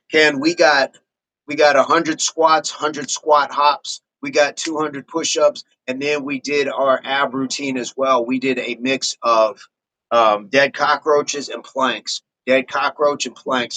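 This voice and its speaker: A man's voice: medium pitch, fairly bright tone, rough recording. A man hosting a fitness livestream in casual chat, reading viewer comments in a laid-back, rambling way and chuckling often. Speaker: fitness channel host.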